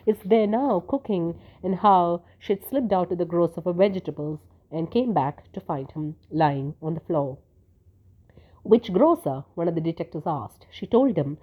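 A woman narrating a short story aloud in a steady, even storytelling manner. Her voice is on the low side. The recording is thin and tinny, like a phone line.

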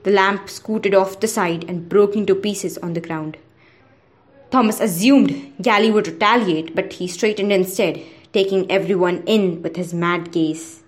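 A woman narrating a novel aloud for a podcast, in a steady, measured way. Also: mid-range voice.

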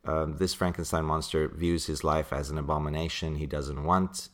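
Deep-voiced man chatting about comics. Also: little pitch movement, normal speed. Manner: chatty, laughs often, many fillers. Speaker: podcast co-host. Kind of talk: casual chat about comics.

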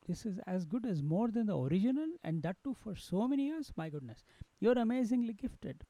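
A man voicing a gentle, curious male secretary who speaks kindly and earnestly, full of praise. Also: high voice, gravelly, no room sound, heavily acted, low-quality recording.

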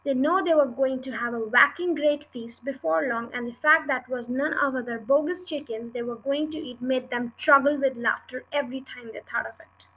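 High-voiced woman reading a story aloud. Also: moderate pace, few pauses, breathy edge, muffled recording. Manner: earnest, steady reading. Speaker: storybook reader. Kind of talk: reading a children's book aloud.

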